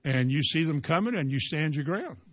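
A man preaching a sermon, firing rhetorical questions and swinging from slow loud emphasis to quiet asides. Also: on the high side, lively intonation.

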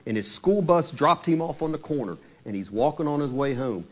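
A man's voice: fairly high pitch, lively intonation, fairly quick. A man preaching a sermon, retelling a true story in a conversational, dramatic way. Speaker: pastor.

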